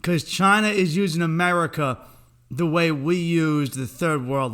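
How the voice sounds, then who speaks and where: Solo podcast host, thirties, bright edgy voice, profane comic rant with big pitch swings. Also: male voice, measured pace. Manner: profane, animated, laughs at his own jokes.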